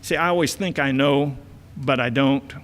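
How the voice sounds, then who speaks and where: This is an older man, a church elder and marriage counselor, chatting in a folksy way about family life from a church auditorium. His mid-range voice is a bit bright and moves at a normal speed, full of filler uhs and repeated words, with church hall reverb around it.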